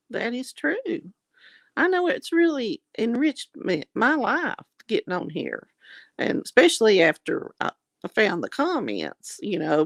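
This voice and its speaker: Affectionate woman, gravelly voice. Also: medium pitch, no room sound. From Southern US. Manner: warm, affectionate, calls viewers honey and darling. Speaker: livestream host. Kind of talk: casual chat reading viewer comments.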